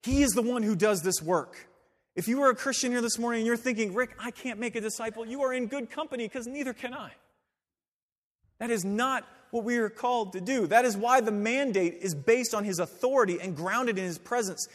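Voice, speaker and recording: Male pastor, high voice, emphatic sermon delivery, live church reverb. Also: brisk. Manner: emphatic preaching, conversational asides. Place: church sanctuary.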